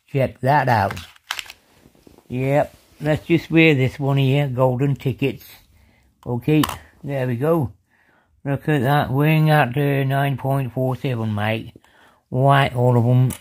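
A man's voice: mid-range voice, darkish tone. A man showing off old coins in a casual vlog, chatty and filling every phrase with "mate" and "yeah". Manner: slow, drawn-out delivery. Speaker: coin collector showing coins. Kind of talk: casual show-and-tell vlog.

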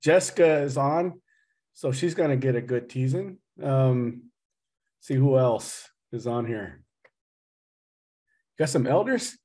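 A man's voice: medium pitch, animated, slow, long pauses, darkish tone. Middle-aged man, slight Southern drawl, loose joking lecturer on a video call, mid-range voice. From Oklahoma. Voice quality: chatty, teasing, loose and joking. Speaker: associate professor and speaker.

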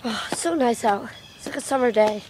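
A woman's voice: on the high side, brisk. A young woman chatting casually to her camera for a vlog, giggly and given to casual swearing, filming herself indoors and then out in a windy yard. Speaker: vlogger.

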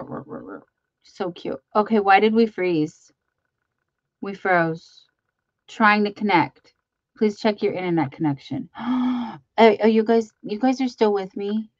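A woman's voice: mid-range voice, steady tone, a little slow, dry recording, dull audio. A woman hosting a live crafting stream, chatting casually and reading out viewer comments as she greets them by name.

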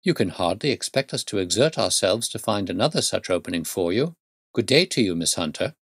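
A man's voice: fairly low pitch, lively intonation, a little fast, fairly bright tone, husky, no echo, studio quality, heavily acted. A man reading as a curt agency manageress. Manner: curt and clipped. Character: sharp, businesslike middle-aged woman manager. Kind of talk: audiobook reading.

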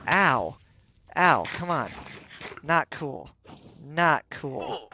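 A man hosting a game let's play, commenting on his own play with jumpy, excitable reactions, yelps and self-mockery, close to the microphone. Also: fairly high pitch, extremely slow, a little hiss or hum. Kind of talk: gameplay commentary.

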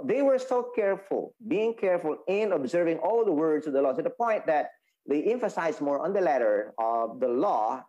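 A man teaching a Sabbath school Bible lesson, explaining slowly with many restarts and fillers. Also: fairly high pitch, a little mellow, highs cut off. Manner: explaining, repeats and restates points, halting with fillers.

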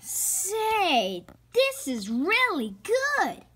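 A woman's voice: sits high, big pitch swings, slow, background noise, pitched above the performer's own voice, exaggerated voice. A woman voicing a playful young boy bear cub who teases his sister in a storybook reading. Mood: eager. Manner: eager, teasing.

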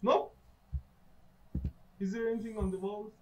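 A man's voice: high voice, level tone, a little slow, dark tone, slight background noise, rough recording. A man giving let's play commentary on a horror game, jumpy and swearing, sarcastically greeting the monsters that jump out at him. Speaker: gaming YouTuber.

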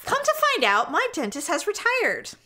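A woman's voice: very high-pitched, moderate pace. A woman hosting a podcast, telling stories in casual chat and acting out the people in them. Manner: animated storytelling, acts out voices in her anecdotes. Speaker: podcast host.

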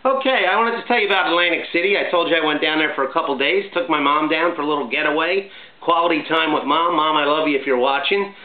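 A middle-aged man hosting his own vlog, talking in a chatty, upbeat, jokey way full of shout-outs. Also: on the high side, fast talker. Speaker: vlog host. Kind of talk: casual home vlog monologue. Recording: echoey, tinny phone-like sound, faint hiss.

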